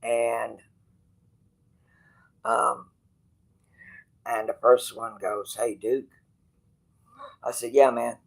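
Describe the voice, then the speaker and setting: A man hosting his channel tells viewers a personal story in a loose, rambling way, restarting sentences, quoting other people's lines, and swearing freely. His medium-pitched voice stays level and very slow, with vocal fry and long pauses. The recording is rough.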